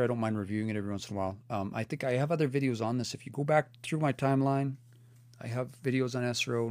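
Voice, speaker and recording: A man's voice: medium pitch, dry recording. A man teaching a language on a livestream, reading out chat comments and explaining pronunciation in a thoughtful, earnest way with frequent restarts. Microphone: phone or computer mic for a livestream.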